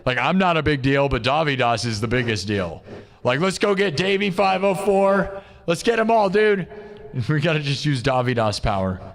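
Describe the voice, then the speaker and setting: A man hosting a live stream, rambling excitably in casual chat and saying "dude" constantly. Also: a little high, moderate pace, gravelly. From United States. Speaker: live-streaming musician and host. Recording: long reverb.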